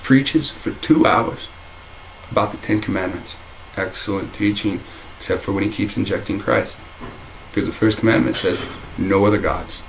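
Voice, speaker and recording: A fairly low-voiced man talks straight to camera from his home, heated and rambling as he circles back through restarts and repeated phrases. A faint hum of room ambience sits behind him. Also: normal speed, creaky, low-quality recording. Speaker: religious video commentator. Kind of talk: casual monologue to camera. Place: at home, indoors.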